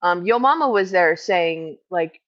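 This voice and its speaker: A woman who works as a camp medic, retelling a clash in casual chat, swearing freely and talking fast when heated. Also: lowish voice, lively intonation, muffled recording. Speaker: house medic at a streamed camp.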